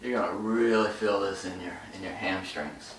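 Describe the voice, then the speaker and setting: A man talks through a stretching routine while holding each position, his low voice breaking into short phrases as he catches his breath. He sounds winded from the effort. The mic sits far from him in an echoey room, with faint ambient noise behind. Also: normal speed. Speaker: stretching instructor. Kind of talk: instructional demonstration.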